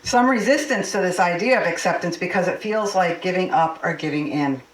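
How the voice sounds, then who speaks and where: A woman's voice: lowish voice, fairly quick. A woman minister giving a heartfelt, personal sermon and a blessing for a couple's anniversary. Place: church sanctuary. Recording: echoey hall, mic far off.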